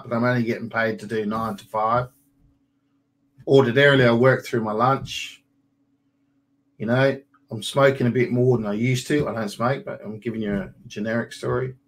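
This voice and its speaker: An animated man in his forties coaches listeners in a relaxed, colloquial way. His voice sits at a middle pitch, neither high nor low, and he keeps slipping into little acted-out conversations. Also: low-quality recording. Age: 40s. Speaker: property business coach. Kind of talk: motivational webinar talk.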